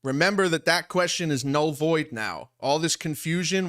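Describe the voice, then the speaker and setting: A man's voice: fairly high pitch, moderate pace, hardly any pauses, a bit bright. A young man from Long Island, streaming commentary in an indignant, rambling way that repeats itself. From Long Island, New York. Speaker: streamer reacting to a livestream. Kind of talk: heated commentary over a played stream.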